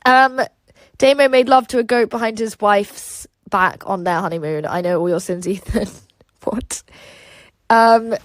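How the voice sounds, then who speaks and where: Young woman livestreamer with a British accent, bluntly profane and quick to laugh, on a dry, close mic. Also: medium pitch, dry recording. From Russia. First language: Russian. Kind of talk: casual livestream chat, reading out comments.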